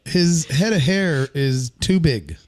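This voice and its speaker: A man co-hosts a livestreamed podcast and chats casually. His voice sits slightly high, and he keeps up a joking, teasing banter with his co-host. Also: expressive, slow.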